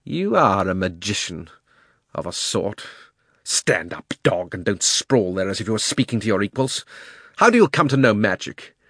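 A man's voice: on the low side, big pitch swings, fairly bright tone, no echo, studio quality, exaggerated voice. A man doing a scornful, commanding witch queen. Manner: commanding, scornful, slow and deliberate. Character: cold, imperious queen and witch, woman.

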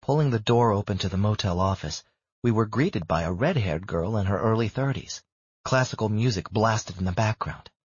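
Husky male audiobook narrator, low and steady, dry dull sound. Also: moderate pace, no room sound. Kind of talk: first-person audiobook narration.

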